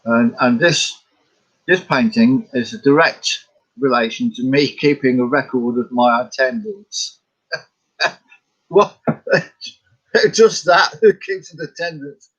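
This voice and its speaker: A man's voice: medium pitch, takes it slowly, pauses often, a bit bright, lo-fi sound. A middle-aged Scottish man chatting casually about his paintings, rambling, chuckling and answering his own questions. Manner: rambling, chuckling, talks to himself. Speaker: artist vlogger.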